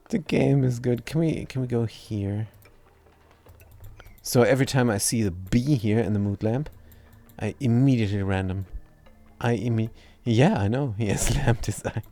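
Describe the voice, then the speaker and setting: A man's voice: medium pitch, unhurried, long pauses, dark tone, faint music behind. A young man with a non-native English accent, chatting casually while playing a game, rambling and stumbling over his words. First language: not English. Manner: rambling, self-deprecating, stumbles and restarts words. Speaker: gaming streamer. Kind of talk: casual gameplay commentary.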